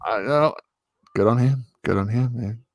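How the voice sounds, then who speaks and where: A man's voice: mid-range voice, moderate pace, no echo. A man hosting a casual chat with friends, crude and teasing, who laughs a lot and acts out mocking voices. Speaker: streamer host.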